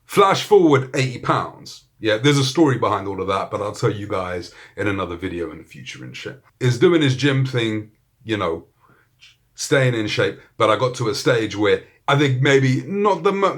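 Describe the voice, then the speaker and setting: A man's voice: medium pitch, a bit bright. Laid-back British man swearing casually. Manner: profane, joking, laid-back. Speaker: tech reviewer. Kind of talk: casual video review.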